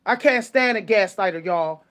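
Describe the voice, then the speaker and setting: Her mid-range voice has a fairly bright tone and a moderate pace as she rants at her audience. She's the host of her own channel, and her angry monologue is profane, emphatic and heated.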